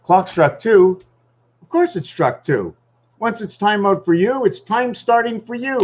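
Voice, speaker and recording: A man's voice: high voice, animated, measured pace. Rambling man on a dull lo-fi vlog. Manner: rambling, wandering, thinks aloud with restarts. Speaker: vlogger. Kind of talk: rambling casual vlog monologue. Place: home.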